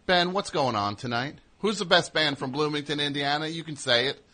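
Bright-voiced rambling male radio host. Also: fairly high pitch, a little fast. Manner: rambling, jokey, self-interrupting. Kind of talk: casual radio monologue.

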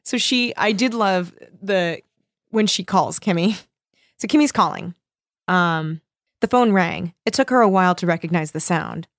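A woman's voice: on the low side, a little slow, no echo, clean studio sound. A woman co-hosting a casual chat, reading aloud from a horror novel and playfully acting out the characters' lines. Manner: animated, laughing, acts out characters' lines. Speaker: podcast co-host.

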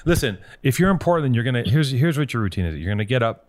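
A man hosting a call-in show, giving blunt, profane motivational talk and telling stories with animated energy. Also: medium pitch, quick pace, dry recording.

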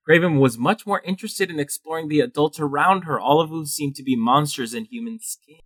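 Animated man co-hosting a podcast. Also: on the high side, a little fast, breathy edge, no room sound, studio quality. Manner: animated, reads film trivia aloud excitedly. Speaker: guest co-host. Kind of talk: casual podcast chat.

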